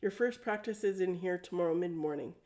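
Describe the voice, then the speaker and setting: A woman's voice: lowish voice, fairly quick, warm tone, natural voice. A woman voicing a practical, protective male dwarf coach in a storybook read-aloud, giving firm, level instructions.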